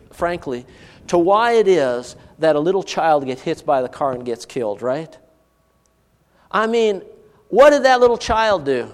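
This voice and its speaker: A man's voice: high-pitched, long reverb tail. A man preaching a sermon, asking the congregation rhetorical questions as he goes. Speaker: pastor.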